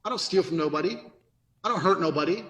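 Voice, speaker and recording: A man's voice: fairly high pitch, animated, fast talker, a bit bright. A man talking bluntly and emphatically as a podcast guest, swearing freely. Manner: brash, profane, emphatic. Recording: roomy echo.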